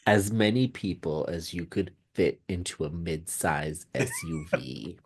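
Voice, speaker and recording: Male podcast co-host, unhurried, joking, slightly low voice. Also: gravelly, breathy edge. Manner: joking, playful banter. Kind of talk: casual chat.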